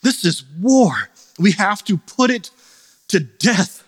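A man in his thirties preaching a sermon, telling a story in a loose, chatty way before building to forceful exhortation. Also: high-pitched, expressive, slow pace, long reverb tail. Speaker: pastor.

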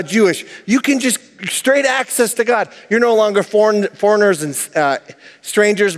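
High-voiced man preaching in a hall. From Minnesota, USA. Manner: animated, conversational preaching with asides. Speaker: pastor. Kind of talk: sermon.

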